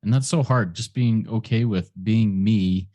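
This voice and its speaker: A man's voice: fairly low pitch, measured pace, dark tone, dry recording. A man hosting a meeting who reads out audience questions. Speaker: meeting host.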